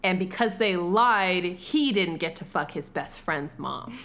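A woman co-hosting a casual chat, recapping a film with animated, profane storytelling. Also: on the low side, takes it slowly. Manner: animated, profane storytelling, acts out quotes in voices.

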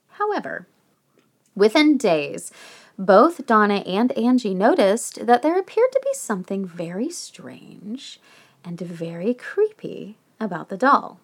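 Gravelly-voiced woman telling a ghost story. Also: mid-range voice. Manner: chatty, animated, swears, laughs often. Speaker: podcast co-host telling a true paranormal story. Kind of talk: casual storytelling chat.

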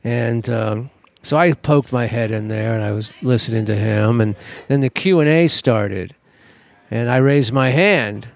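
A man co-hosting a podcast, telling stories in a casual, animated way and swearing freely. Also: medium pitch, a little slow, no room sound. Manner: profane, animated, laughing while telling stories. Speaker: podcast co-host. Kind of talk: casual storytelling chat.

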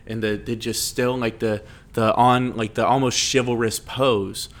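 A man telling a story in casual chat, animated and rambling, swearing freely. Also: medium pitch, a little slow.

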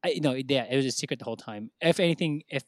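A man telling a story in casual chat, animated, acting out what others said in raised voices and swearing freely. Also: medium pitch, quick pace, no echo, clean studio sound.

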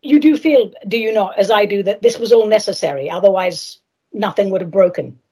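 A woman's voice: medium pitch, fairly quick, warm tone, slightly rough. A woman hosting a spiritual radio talk show, speaking earnestly and asking her guest leading questions. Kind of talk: conversational interview.

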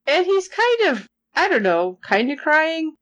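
A woman chats about a show with a very lively, swooping voice, jumping high when she acts out characters' shocked reactions. She talks casually, full of quick asides and fillers. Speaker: podcast co-host recapping a series. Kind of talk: casual chat.

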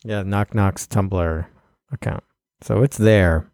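Male podcast co-host, dry wisecracks, lowish voice, dead-dry sound. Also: slow, a little mellow, dry recording. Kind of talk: casual podcast chat.

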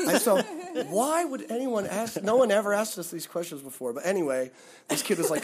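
A man's voice: high-pitched, fairly quick. A man, a touring musician, telling stories in a casual interview and acting out the people he quotes. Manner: animated, acts out quoted people in his stories.

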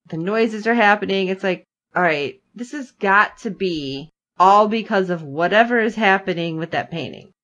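A woman in casual chat, animatedly recapping a TV episode and acting out the characters' lines. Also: mid-range voice. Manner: animated storyteller, acting out both sides of the scene. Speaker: podcast co-host recapping a TV episode.

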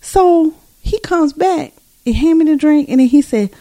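A woman chats into a podcast microphone and tells a story. She is animated and casual, and laughs easily. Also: high voice, normal speed.

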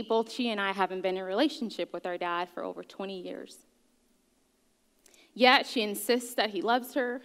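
A woman in her thirties from Gabon giving a candid, joking talk about her life, with many ums. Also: fairly high pitch. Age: 30s. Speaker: guest speaker. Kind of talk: personal story talk. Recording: long hall reverb.

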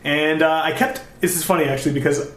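A man's voice: a little high, fairly even intonation, fast. A man from Canada hosting a podcast in casual chat, rambling with fillers and laughs, recorded in an echoey apartment room. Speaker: podcast host.

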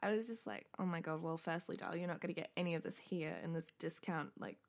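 Chatty woman with gravelly fry. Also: low voice, fast. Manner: chatty, swears freely, animated retellings. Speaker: podcast co-host. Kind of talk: casual chat.

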